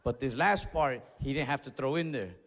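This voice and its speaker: A young man doing a stand-up comedy set on stage, telling stories in an animated way that builds to outbursts. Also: medium pitch, normal speed, in a large hall. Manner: animated storytelling with escalating outbursts. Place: comedy stage before a live audience.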